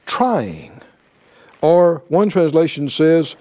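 A man with a high voice preaches at an unhurried pace, stressing his points and checking in with his listeners. His tone is mellow and dark despite the high pitch. He reads scripture aloud and slips into voiced quotes. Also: sing-song. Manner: emphatic, calls for responses with "right?". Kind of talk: sermon.

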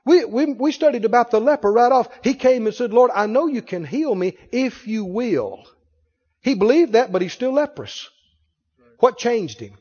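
A pastor with a very high voice preaches to his congregation and keeps firing questions at them. His voice rings through a large hall with a long tail of reverb. The recording is dull and lo-fi. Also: very animated, darkish tone, slightly rough. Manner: asks the congregation rapid questions. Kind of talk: sermon.

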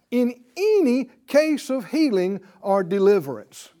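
A man's voice: extremely high pitch, very animated, takes it slowly, hardly any pauses, warm tone. A man teaching a Bible class, emphatic, repeating key words and asking the class rhetorical questions.

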